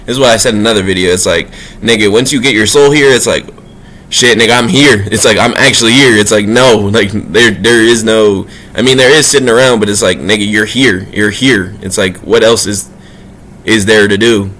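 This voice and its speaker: A man talking casually and profanely about spirituality, in loose, slangy street talk that swings between low asides and high, emphatic bursts. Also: brisk, a bit bright. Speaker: spiritual vlogger.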